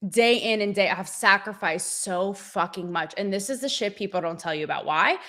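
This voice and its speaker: A woman hosting her show, talking candidly in a profane, animated, rambling and self-mocking way. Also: mid-range voice, normal speed. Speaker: show host. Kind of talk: candid livestream monologue.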